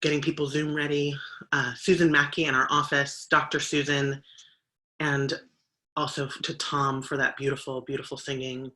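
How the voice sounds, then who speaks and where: Service host, bright and forward tone, chatty announcements over a video call. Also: medium pitch, little pitch movement, normal speed. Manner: warm thanks, loose and conversational with fillers. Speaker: minister leading the service.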